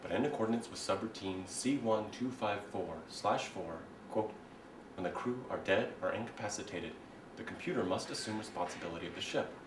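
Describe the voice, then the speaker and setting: Male performer as a quiet, deep-voiced ship computer, menacing calm; far mic in an echoing room. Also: brisk, background noise, natural voice. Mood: cold calm. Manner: smooth, even, quietly menacing. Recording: roomy hall, distant mic.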